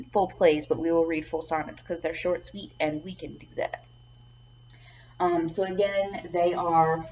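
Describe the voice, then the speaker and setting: A lower-voiced woman teaches a lecture and leans on ums and repeated words as she explains. The recording sounds dull and lo-fi, with a faint hiss of background noise behind her. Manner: repeats words, frequent ums, checks with "okay?". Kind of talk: classroom lecture.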